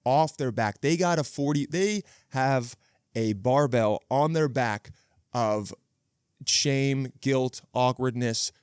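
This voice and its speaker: A man in his thirties hosts a casual solo podcast on a close studio mic, with a clean, dry recording. His medium-pitched voice has a darkish tone, and he rambles and jokes with plenty of swearing and restarted phrases.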